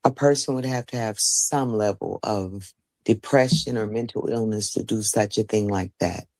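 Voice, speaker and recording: A man calls into a livestream discussion and speaks earnestly, coming back to the same point more than once. His voice sits at a middle pitch for a man, with a dry, close sound. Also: moderate pace, darkish tone, no room sound, rough recording.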